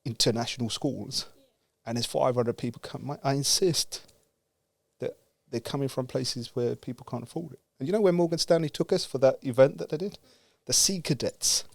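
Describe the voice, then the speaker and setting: A man from the UK telling a story with lively energy, acting out the dialogue and laughing as he goes. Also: mid-range voice, normal speed, vocal fry, no room sound. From United Kingdom. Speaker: guest speaker. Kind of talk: animated storytelling.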